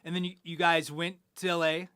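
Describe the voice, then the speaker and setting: Bright, crisp male interviewer. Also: on the high side, flat delivery, fairly quick, dry recording, clean studio sound. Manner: friendly, laughs along, prompts the guest. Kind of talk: casual interview chat.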